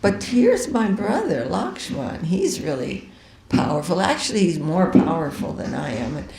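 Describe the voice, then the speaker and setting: A woman voicing a noble young prince who politely and gently teases a suitor. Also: lowish voice, very animated, measured pace, gravelly, reverberant, heavily acted, rough recording. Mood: teasing.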